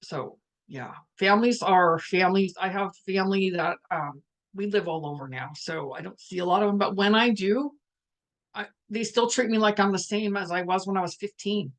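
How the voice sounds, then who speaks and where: A middle-aged woman talks in an unhurried, reflective way during a live spiritual talk. She restarts often and pauses to muse, then slips into livelier voices when she quotes family members. Her pitch sits in the middle range. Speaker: spiritual empath host.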